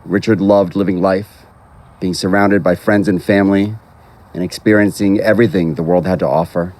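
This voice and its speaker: A low-voiced man officiates at an outdoor graveside. He reads a formal eulogy at a measured, unhurried pace, his delivery steady and composed. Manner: measured, formal, reading from a text. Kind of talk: prepared eulogy.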